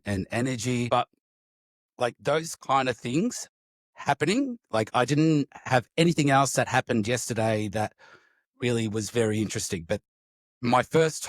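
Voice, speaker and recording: A man hosting a podcast, candidly recounting a personal experience in a casual, animated way with occasional swearing. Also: mid-range voice, no room sound, studio quality. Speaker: podcast host. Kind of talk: casual storytelling in conversation.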